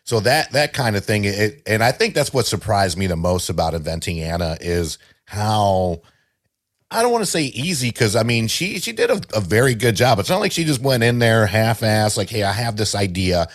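A man's voice: fairly low pitch, big pitch swings, normal speed. A man co-hosting a podcast, chatting casually in a loose, rambling way full of fillers. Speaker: podcast co-host. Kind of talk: casual chat.

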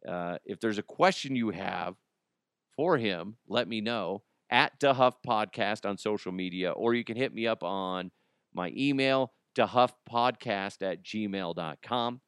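A man's voice: fairly low pitch, fairly bright tone, clear, resonant tone, no echo, clean studio sound. A man hosting his own podcast alone, rambling and joking and laughing at his own stories. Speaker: podcast host. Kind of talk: casual solo podcast monologue.

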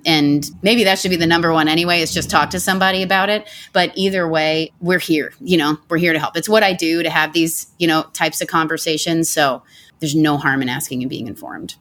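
Brief: woman guest, deep for her sex, loose and filler-heavy financial advice talk. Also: fairly even intonation, fairly quick, a bit bright. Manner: chatty, many fillers like "you know" and "like". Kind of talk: casual interview answers.

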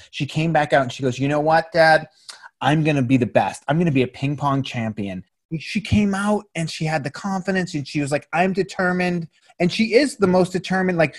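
Animated storytelling man, fairly high voice. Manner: animated storyteller, acts out quotes. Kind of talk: casual chat.

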